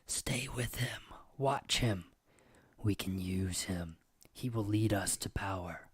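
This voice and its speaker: A man's voice: fairly low pitch, slow, no room sound, studio quality. A man whispering as a scheming demon. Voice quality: hushed, breathy whisper. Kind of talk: whispered role-play.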